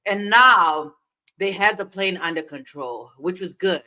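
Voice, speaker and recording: A woman co-hosting a podcast, telling a story in a casual, animated way with big swings in loudness. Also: on the low side, unhurried. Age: adult parent of a young child. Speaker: podcast co-host.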